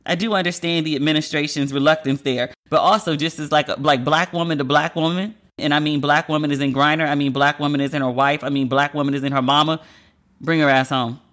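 Brief: woman host, casual news commentary, bright tense tone, chatty and candid with side remarks. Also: low-pitched, steady tone, quick pace, few pauses. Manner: candid and rambling, with asides. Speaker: podcast host.

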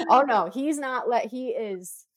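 A woman's voice: fairly high pitch, lively intonation, slow, a crowd in the background. A woman in her thirties, chatting casually and telling stories with animation, acting out her own screams and quotes. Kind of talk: casual chat.

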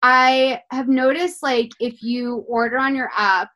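Woman, casual chat, curious, rambling, fillers, slightly high voice. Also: fairly even intonation, unhurried, bright, forceful tone. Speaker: podcast co-host.

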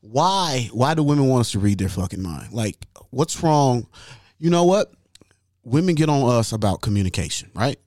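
A man hosting a casual chat, animated and profane, acting out what others say. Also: medium pitch, moderate pace, no room sound, clean studio sound. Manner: animated, profane, acts out quotes.

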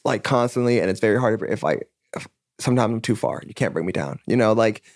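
Fast-talking young man, dry close sound. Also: lowish voice, animated, darkish tone, no room sound. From California. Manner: rapid, rambling, peppered with "like" and swearing, acts out his own past dialogue. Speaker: musician guest. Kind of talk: candid casual chat.

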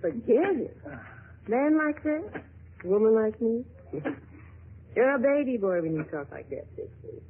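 High teasing vamp, mocking, scratchy old radio play. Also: female voice, big pitch swings, a little slow, pauses often. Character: sultry scheming woman, Louis's lover. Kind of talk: 1950s radio drama acting. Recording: tinny lo-fi old radio broadcast.

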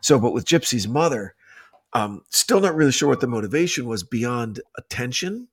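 A man co-hosting a podcast in loose, casual conversation. He rambles and restarts, getting animated as he tells a story, with an ordinary middle pitch. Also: moderate pace, breathy edge. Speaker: podcast co-host. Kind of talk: casual chat.

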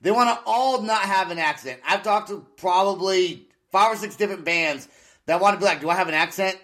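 A man hosting a casual podcast interview, chatty and thinking out loud. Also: high-pitched, moderate pace. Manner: chatty, musing aloud. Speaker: podcast host.

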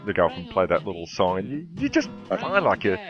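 Low-voiced man rambling about a film. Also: wildly swooping pitch, fast, over music. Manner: rambling, many restarts. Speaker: podcast host. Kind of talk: casual chat about a film. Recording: slightly dull lo-fi sound.

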